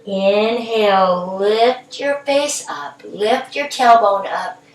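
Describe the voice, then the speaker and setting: A middle-aged woman guiding a children's yoga class in a gentle, encouraging, playful way. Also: mid-range voice, slow. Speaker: yoga instructor. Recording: echoey room, from a distance.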